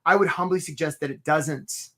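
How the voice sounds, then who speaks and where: A middle-aged man hosting a live career webinar, talking with lively energy and acting out job seekers in quick put-on voices. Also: a little high.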